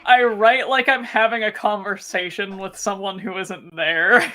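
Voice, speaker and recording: A man's voice: high voice, fairly even intonation, a little slow, bright, forceful tone, low-quality recording. A young man co-hosting a casual podcast, rambling and laughing often. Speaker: podcast co-host. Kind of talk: casual chat.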